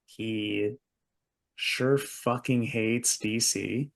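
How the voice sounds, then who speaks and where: A man co-hosting a podcast in casual chat, giving easygoing, measured opinions. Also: lowish voice, fairly even intonation, vocal fry. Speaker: podcast co-host.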